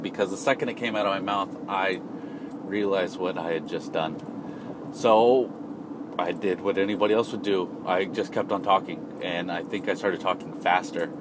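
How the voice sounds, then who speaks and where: A man's voice: fairly low pitch, normal speed, background noise. A man telling a casual personal anecdote in a rambling, self-deprecating way, often restarting his sentences. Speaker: storyteller.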